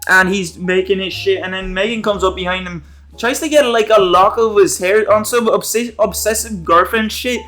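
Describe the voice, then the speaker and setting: A man's voice: sits high, normal speed, fairly bright tone, faint music behind. A man recapping a TV episode in casual online commentary, rambling, jokey and profane. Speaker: YouTube commentator.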